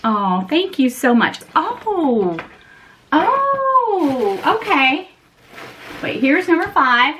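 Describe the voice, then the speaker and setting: A woman's voice: high voice, big pitch swings, slow, a bit bright, a little hiss or hum. A woman vlogger unboxing gifts in a casual chat, gushing and sentimental, often breaking into laughter. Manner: sentimental and emotional.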